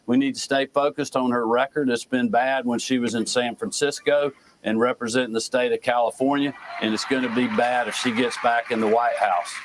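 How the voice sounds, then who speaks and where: Measured governor on TV. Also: male voice, mid-range voice, steady tone, slight background noise, rough recording. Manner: measured, deliberate political talking points with frequent "uh"s. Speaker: governor being interviewed. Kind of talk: TV news interview answers.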